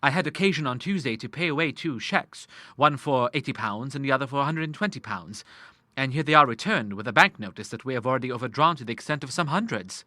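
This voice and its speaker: A man's voice: medium pitch, lively intonation, fast talker, pushed and bright, no echo. A man voicing a hesitant, apologetic young man in an audiobook. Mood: uneasy. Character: earnest young man, hesitant junior partner. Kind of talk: audiobook character voice.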